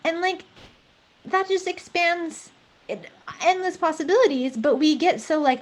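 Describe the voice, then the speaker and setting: A woman's voice: very high voice, moderate pace. A woman guest on a podcast, a therapist talking through her creative project in a reflective way with lots of trailing fillers. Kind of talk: casual podcast conversation.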